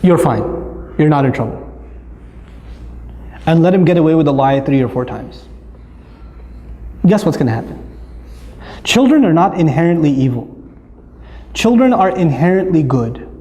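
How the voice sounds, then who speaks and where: Guy doing a funny parenting bit, acts out all the parts, kinda high mellow voice, long hall echo. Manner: animated, acts out scenes in voices. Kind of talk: humorous parenting talk.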